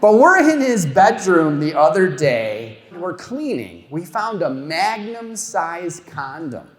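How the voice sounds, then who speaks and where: Taking his time, a middle-aged comedian whose voice sits on the high side works a live crowd, trading banter and delivering animated stories that end in self-mocking punchlines. His routine echoes through a hall with long reverb.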